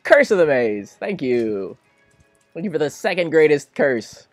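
Young male gamer, animated swooping delivery, dry close mic, over-the-top reactions. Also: fairly high pitch, measured pace, dry recording, faint music behind. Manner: excitable, melodramatic, swings between pleading and laughing. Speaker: gaming commentator. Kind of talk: casual let's-play commentary.

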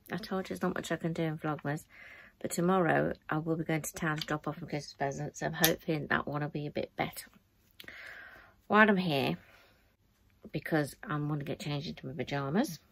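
A woman's voice: deep voice, creaky. A middle-aged woman, chatting casually and wearily to camera in her bedroom. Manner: chatty, tired, rambling. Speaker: vlogger. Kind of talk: casual vlog chat.

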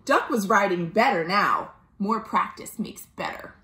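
A woman, a children's librarian, reading a picture book aloud at home in an animated storytime voice, asking the children questions along the way. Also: mid-range voice, measured pace, reverberant. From United States.

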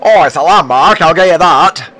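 A man's voice: a little high, animated, moderate pace, sharp tone. A man, fan-dubbing a crude, blunt old man turning sixty. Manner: bawdy, blunt, broad. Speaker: fan comedy dubber.

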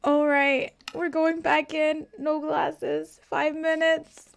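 A woman's voice: high voice, little pitch movement, slow, creaky. A young woman streaming a game, talking in a rambling, flustered way and swearing freely as she plays. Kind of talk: live-streamed game commentary.

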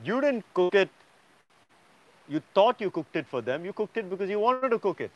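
A man's voice: sits high, very animated, moderate pace, dull audio. A man teaching a yoga class, lecturing students emphatically and often checking in with "yeah?".

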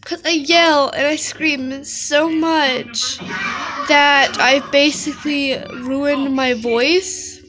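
A woman vlogger talking casually to her viewers, hoarse from a sore throat, her voice cutting out as she rambles with lots of fillers. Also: high voice, fairly even intonation, very slow, low-quality recording. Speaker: YouTuber. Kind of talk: casual vlog chat to viewers.

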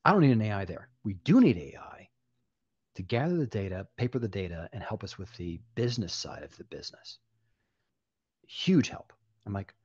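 An older man talks fast and with animation as an interview guest, acting out the people in his stories. His voice is low and husky. The recording sounds dull and dry. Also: no room sound. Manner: animated storyteller, acting out dialogue. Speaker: guest, applied AI director. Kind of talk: interview conversation.

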